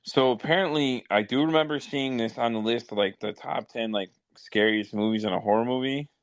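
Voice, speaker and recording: A man's voice: mid-range voice, a little fast, dry recording. A man hosting a podcast, telling stories in profane, rambling casual chat. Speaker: podcast host.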